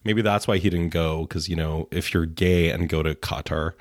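A man's voice: deep voice, steady tone, normal speed, no room sound, studio quality. A man co-hosting a casual chat, snarky and ranting, swearing freely. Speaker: podcast co-host.

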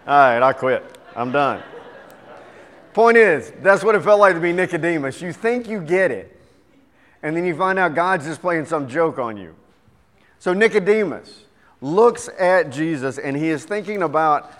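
A middle-aged man giving a sermon as a pastor, reading scripture and telling jokes in an animated way, then teaching more quietly. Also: on the high side, a little slow, long pauses. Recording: reverberant hall.

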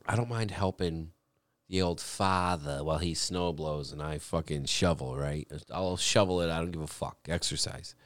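A young man co-hosting a casual podcast, telling profane, laughing stories in lively chat. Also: low-pitched, moderate pace, no echo. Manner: profane, laughing, animated storytelling. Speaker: podcast co-host.

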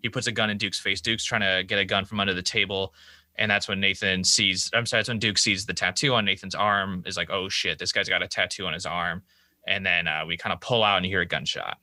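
A man talks through a TV episode in casual, profane podcast chat, sprinkling in quick quoted asides. His voice sits low but comes out bright and forceful. The sound is dry and close. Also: steady tone, dry recording. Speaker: podcast co-host recapping a TV episode.

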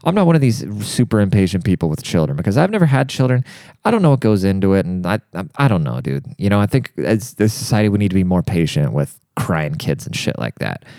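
A young man rambles through a profane comedic rant, worked up and crude. His voice sits low with a dark, mellow tone. The sound is close and dry. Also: sing-song, quick pace, no echo. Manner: profane, rambling, fired-up, says dude a lot. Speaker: monologue speaker.

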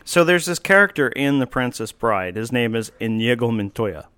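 A man's voice: medium pitch, animated, moderate pace, fairly bright tone, clear, resonant tone, no echo. A man hosting a casual talk show from a coffee shop, rambling along with frequent fillers and wry asides. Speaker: podcast host. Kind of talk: casual conversational chat.

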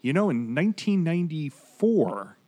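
A man's voice: a little high, very animated, normal speed, a little mellow. A man in his forties hosting a podcast, chatting casually and digressing as he reads out award winners. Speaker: podcast host.

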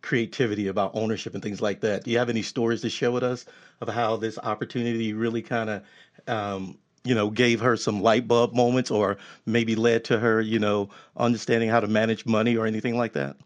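A man's voice: on the low side, flat delivery, a little fast. A man hosting an interview, asking questions in an encouraging, reflective way with many fillers. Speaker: interviewer host. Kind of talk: conversational interview.

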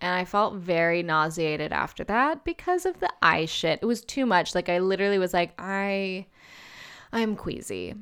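Animated woman with a smooth voice. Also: on the low side, a little fast, few pauses. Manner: animated, swears freely, exclaims loudly. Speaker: podcast co-host. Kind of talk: casual chat recapping a show.

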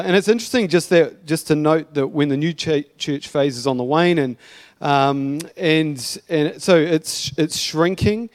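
A man's voice: a little high, unhurried, no echo. A male pastor preaching a sermon in a casual, chatty way, with asides and light humour.

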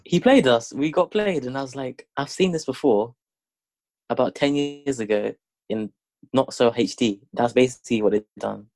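A man's voice: mid-range voice, normal speed, a little mellow, dry recording. Laid-back man, dry close mic. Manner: laid-back, teasing, steers the talk. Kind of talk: casual chat.

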